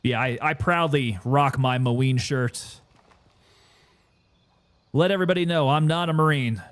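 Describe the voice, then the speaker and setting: A man casually commenting while he plays a game and chats with viewers, relaxed and sometimes winded. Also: medium pitch, unhurried. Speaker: gaming streamer.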